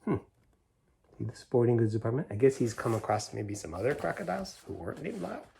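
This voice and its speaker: A man's voice: mid-range voice, sing-song, fast talker, creaky. Middle-aged man reading a picture book to kids. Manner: gentle, explains pictures, asides to kids. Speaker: storybook reader.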